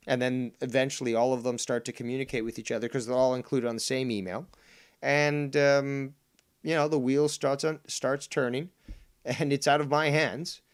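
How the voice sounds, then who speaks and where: Profane rambling male livestreamer. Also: mid-range voice. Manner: rambling, profane, mocking, many fillers. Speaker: livestream host. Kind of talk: casual livestream commentary.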